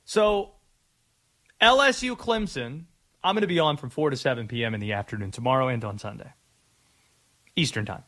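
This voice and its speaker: A man's voice: medium pitch, normal speed, pauses often, a bit bright. A man hosting a sports radio show in a casual, rambling way. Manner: rambling, stammering restarts.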